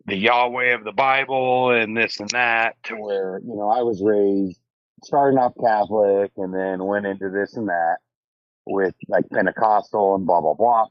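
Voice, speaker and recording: Guy calling into a stream all excited, kinda low voice, dry muffled audio. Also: no room sound. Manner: eager, loose, thankful. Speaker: caller. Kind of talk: casual phone-in chat. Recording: dull lo-fi call-in line.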